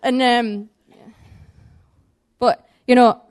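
Woman giving an informal, anecdote-driven sermon at a natural middle pitch. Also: drawn-out words, clean tone. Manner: animated, conversational, acts out the story's voices. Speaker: preacher. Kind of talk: sermon with storytelling.

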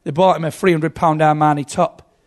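A man's voice: fairly high pitch, a little fast. A man preaching a sermon, telling stories with dramatic buildups. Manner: animated storytelling, dramatic buildups.

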